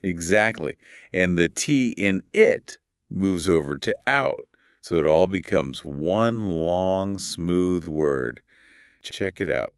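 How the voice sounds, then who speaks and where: A man's voice: deep voice, animated, takes it slowly, smooth, no echo, studio quality. A man co-hosting a podcast English lesson, explaining patiently with emphatic stress. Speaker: English teacher, podcast co-host. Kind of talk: scripted podcast lesson dialogue.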